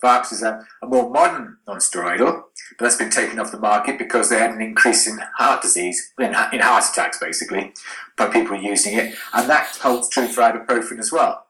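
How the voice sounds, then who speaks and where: A man's voice: lowish voice, brisk, sharp tone, roomy sound, rough recording. A man, a doctor on a podcast, explaining frankly and plainly in conversation. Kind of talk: explanatory chat.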